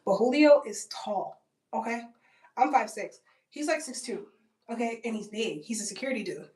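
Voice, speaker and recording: A woman's voice: a little high, normal speed, a little mellow. A woman in her twenties telling a story in a casual, blunt vlog, with frequent fillers and swearing. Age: 20s. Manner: chatty and blunt, heavy on "like" and swearing. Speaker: vlogger. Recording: roomy, distant from the mic.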